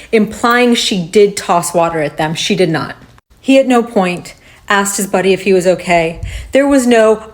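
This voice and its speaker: A woman's voice: medium pitch, normal speed. Heated woman recapping, swearing often. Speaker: commentator recapping a video. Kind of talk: casual emotional recap.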